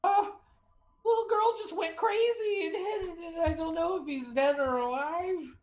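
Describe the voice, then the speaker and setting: A woman squeaking as a frantic little mouse. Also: moderate pace, darkish tone, roomy sound. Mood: shaken. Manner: squeaky, high-strung and flustered. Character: frantic little male mouse in a bowler hat.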